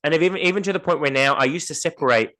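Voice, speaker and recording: A man's voice: fairly high pitch, very fast. A man co-hosting a podcast in casual chat, telling stories and acting out what other people said in a raised voice. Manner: animated storyteller, acts out dialogue in raised voice. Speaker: podcast co-host.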